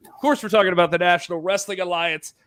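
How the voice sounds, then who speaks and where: A man's voice: high voice, steady tone, fast, fairly bright tone, dry recording, clean studio sound. A man hosting a casual livestream show, energetically greeting viewers and reading chat names aloud. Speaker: livestream host.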